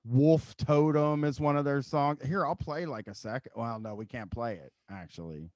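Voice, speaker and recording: A man's voice: mid-range voice, normal speed, darkish tone, dry recording. A man hosting a podcast in casual chat, rambling and swearing with amusement. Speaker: podcast host.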